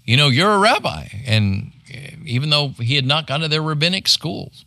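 Lively, bright-voiced male pastor teaching. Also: on the high side, normal speed, dry recording. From United States. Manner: conversational teaching, asking "right?" often. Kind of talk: sermon.

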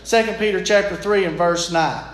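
A man's voice: sits high, moderate pace. A man preaching a sermon in an earnest, plain-spoken, folksy way. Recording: echoey room.

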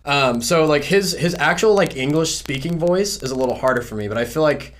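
A man's voice: a little high, lively intonation, a little fast, a little hiss or hum. A man, chatting loosely as a podcast guest and filling his talk with "like". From South Carolina, USA. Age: 20s. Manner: rambling, heavy on fillers like "like". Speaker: podcast guest, music student. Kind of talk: casual interview chat.

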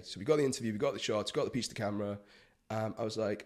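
A man's voice: fairly low pitch, racing. A man, a freelance broadcast journalist, telling stories in casual podcast chat, acting out quotes with lots of fillers and swearing. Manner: animated storytelling, acts out quotes, swears, many fillers.

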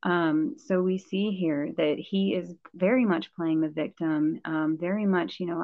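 Woman co-host in a Bible chat, lowish voice, thinks aloud and chuckles, muffled dry recording. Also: fairly even intonation, a little slow, few pauses, no echo. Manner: thinks aloud with many fillers and restarts, chuckles. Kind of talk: casual Bible discussion. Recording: dull, dry lo-fi sound.

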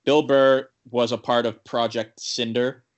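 A young man chats casually as a podcast co-host, recapping a TV episode in a loose, rambling way. His voice sits at an ordinary middle pitch, and he keeps restarting sentences and filling gaps with "like". He slips into quoted lines from the characters without fully changing his voice. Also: little pitch movement, unhurried. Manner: rambling, full of "like" fillers and restarts. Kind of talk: casual chat.

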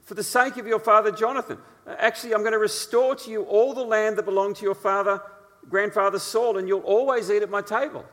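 A gracious king, high and eager as he reassures his frightened subject, as a male preacher puts him on. his voice rings through a long, echoey church hall. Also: fairly even intonation, fairly quick, a bit bright. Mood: reassuring. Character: benevolent king speaking kindly to a frightened man.

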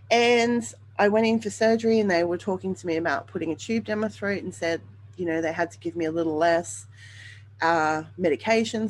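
A woman hosting a podcast shares a personal story candidly, rambling with lots of ums and you-knows. Her voice is lowish, and the rough recording carries slight background noise.

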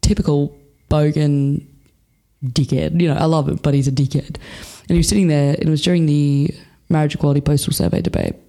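A young Australian woman chats openly as an interview guest, swearing freely and leaning on fillers. Her voice is mellow and dark with a gravelly rasp at the ends of phrases. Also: sits low, steady tone, a little fast. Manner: frank and swears freely, laughs a lot, chatty with many fillers. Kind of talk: casual candid chat.

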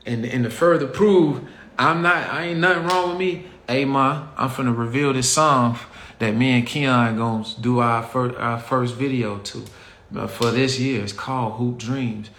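A man's voice: mid-range voice, steady tone, unhurried, fairly bright tone. A man with a Chicago accent hosting his own show, talking to listeners in a blunt, heated, slang-heavy rant. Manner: blunt, heated, slangy, talks straight to the audience. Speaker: podcast host. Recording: echoey room with faint ambient noise.

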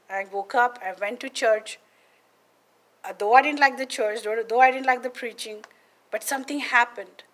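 A woman's voice: fairly high pitch, a bit bright. Emphatic woman preaching testimony. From India. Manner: emphatic, keeps asking "Amen?" of listeners. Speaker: podcast preacher. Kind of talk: testimony sermon.

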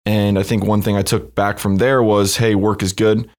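A young American man, a startup co-founder and podcast guest, talking about his background in a relaxed, easygoing, conversational way. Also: fairly low pitch, moderate pace. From United States. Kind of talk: casual podcast interview.

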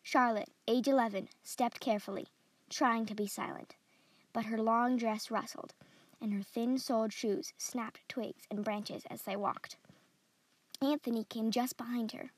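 A woman reading a story aloud in a steady, descriptive way as a podcast host. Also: a little high, unhurried, dry recording. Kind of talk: scripted story narration.

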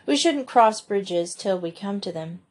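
A woman voicing an energetic young boy fond of proverbs. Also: medium pitch, measured pace.

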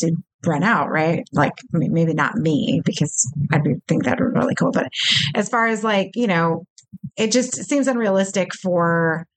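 A woman co-hosting a casual podcast chat about movies, chatty, full of fillers, quick to laugh and swear. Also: fairly low pitch. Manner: chatty, lots of likes, swears and laughs easily. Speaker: podcast co-host.

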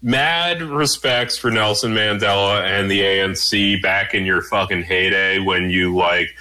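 A man hosting a podcast with a bright, forward voice. He talks loosely and swears freely, padding his sentences with filler words in easygoing chat. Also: lowish voice, a little slow. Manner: loose and profane, heavy "like" fillers. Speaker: podcast host.

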